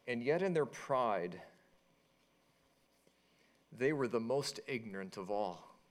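A pastor preaching a sermon, reading scripture and retelling it in an animated, storytelling way. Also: male voice, medium pitch, slow pace. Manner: animated storytelling, acting out quoted voices.

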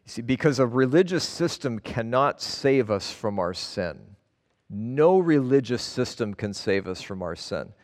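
A sing-song, mid-range male voice moves at a measured pace through a sermon as the pastor reads scripture and explains it. Earnest and emphatic, he stresses each word in turn, recorded with the long reverb of a large hall.

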